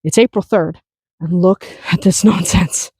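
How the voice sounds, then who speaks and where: A woman's voice: on the low side, measured pace, darkish tone, husky, dry recording. A woman hosting a casual farm vlog outdoors, chatting and laughing often as she handles the animals. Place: outdoors on a muddy, snowy farm.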